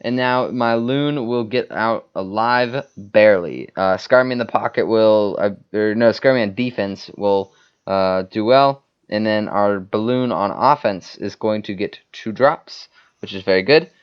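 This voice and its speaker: A man's voice: lowish voice, a little slow, clear, resonant tone, muffled recording. A man giving casual, rambling commentary over a mobile game replay, full of fillers and restarts. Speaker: gaming YouTuber.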